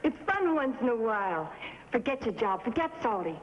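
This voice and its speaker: A woman's voice: fairly high pitch, very animated, moderate pace. An actress playing a worried wife who pleads with and coaxes her husband in a 1950s TV drama. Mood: coaxing. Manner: pleading and coaxing. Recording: dull old TV soundtrack with reverb and faint hiss.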